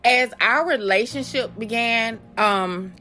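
Bright-voiced woman hosting a podcast. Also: a little high, takes it slowly, soft background music. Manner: earnest, conversational, reads statistics aloud with restarts. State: has the hiccups. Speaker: podcast host. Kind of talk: solo podcast commentary.

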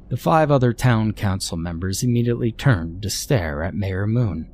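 A man narrating a horror story in a measured storytelling manner. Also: on the low side, animated, a little mellow, slight background noise. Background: faint music.

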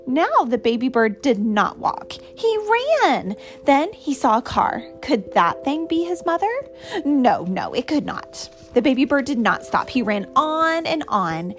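A woman reading a picture book aloud to her child in an expressive, sing-song storytelling manner. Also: high-pitched, a little slow, soft background music.

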